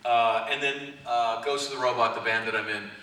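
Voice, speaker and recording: A man's voice: mid-range voice, steady tone, fairly quick, bright, forceful tone. A man as a guest actor on a fan panel, answering questions in a rambling, self-deprecating way with many fillers. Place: large convention hall. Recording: echoey hall, far from mic, noisy.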